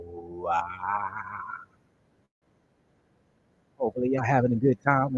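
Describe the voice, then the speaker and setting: A man's voice: mid-range voice, a little mellow, lo-fi sound, slight background noise. A man hosting a casual movie reaction, chatting with enthusiasm and talking straight to his viewers. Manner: enthusiastic, loose and chatty, talks to viewers directly.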